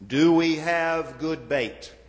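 A male pastor delivers a sermon in a measured, deliberate cadence, drawing out lists of words and letting his lines fall away. His voice sits a touch high for a man. Long reverb from the sanctuary trails each phrase. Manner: measured preaching with slow emphatic lists and falling endings. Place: church sanctuary.

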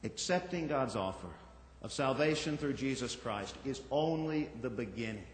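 A male pastor giving a sermon in a church, reflective and gently conversational, with small asides to the congregation. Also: medium pitch, expressive, normal speed. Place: church sanctuary. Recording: echoey hall from far off.

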